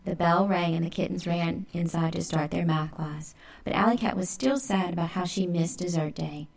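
A woman narrating a children's storybook in a lively, expressive way. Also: on the low side, normal speed, vocal fry.

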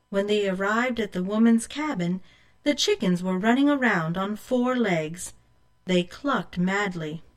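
A woman reading a children's folk tale aloud in an expressive storytelling way, asking the listener questions. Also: medium pitch.

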